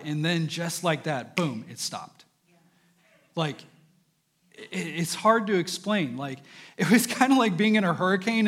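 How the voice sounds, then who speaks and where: A young adult man, a church minister, giving a candid, conversational devotional talk about his own experience. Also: a little high. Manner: candid, conversational personal testimony.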